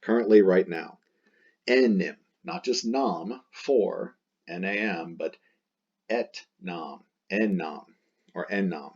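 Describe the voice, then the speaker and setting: A man's voice: deep voice, takes it slowly, a little mellow, breathy edge, muffled recording. A man teaching a Latin text in a chatty, playful way, repeating and rephrasing as he explains.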